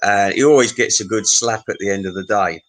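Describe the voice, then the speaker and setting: A man's voice: lowish voice, a little fast, poor audio. A man telling a crude, meandering pub anecdote and chuckling at his own tale. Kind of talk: rambling pub anecdote monologue.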